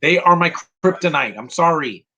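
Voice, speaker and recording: A man's voice: a little high, animated, moderate pace, bright, forceful tone, rough recording. A man giving casual live commentary while watching a movie, rambling and opinionated, with many fillers and restarts.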